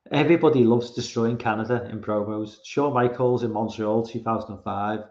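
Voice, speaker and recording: A man's voice: on the low side, a little mellow. A man who is not American, hosting a casual livestream, rambling and swearing with frequent restarts as he reads chat. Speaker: podcast host reading chat. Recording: roomy, slightly dull sound.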